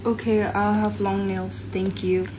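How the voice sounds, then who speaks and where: A woman's voice: mid-range voice, level tone, a little slow, background noise, close to an everyday voice. A woman playing a hesitant, polite young salon customer who is confused by the worker.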